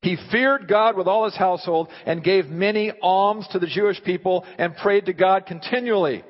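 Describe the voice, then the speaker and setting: Pastor, slightly high voice, animated sermon delivery, long hall reverb, muffled lo-fi audio. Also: male voice, moderate pace. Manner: animated, asks the listeners rhetorical questions.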